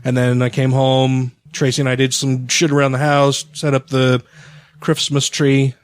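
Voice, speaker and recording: A man's voice: mid-range voice, completely flat delivery, moderate pace, clear, resonant tone, no room sound. A man co-hosting a podcast, telling a long story in casual, profane chat. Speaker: podcast co-host.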